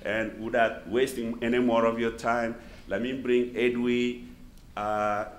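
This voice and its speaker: A man's voice: mid-range voice, level tone, measured pace. A man from Mali hosting an event and introducing a speaker, hesitant, with many fillers. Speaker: event host. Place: lecture hall. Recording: roomy hall sound, faint ambience.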